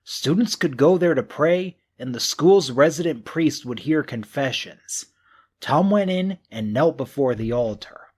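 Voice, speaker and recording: An unhurried male narrator with a husky, medium-pitched voice reads a mystery novel aloud. He performs the characters' inner thoughts with an expressive delivery.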